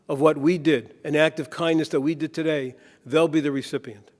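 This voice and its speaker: A man stands before a conference audience, telling stories and jokes with a preacher's rhythm. His voice sits a little high for a man. The long reverb of the hall trails each phrase. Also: fairly even intonation, a little fast, hardly any pauses, a little mellow. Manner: anecdotal, tells jokes with a preacher's cadence. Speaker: keynote speaker. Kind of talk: conference keynote speech.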